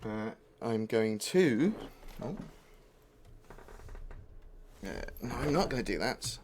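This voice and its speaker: A man's voice: medium pitch, sing-song, takes it slowly, a little mellow, slight background noise. A man streaming a video game live, chatting in a rambling, distracted way with plenty of asides. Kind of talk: live-stream chat while gaming. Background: faint music.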